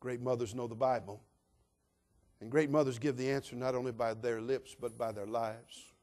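A pastor preaching a sermon in a folksy, emphatic style, swinging between hushed asides and loud declarations. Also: male voice, mid-range voice, fairly even intonation, normal speed.

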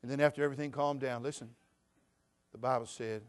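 A man preaching a sermon as pastor, swinging from loud shouts to quiet, intimate talk. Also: medium pitch, steady tone, fast.

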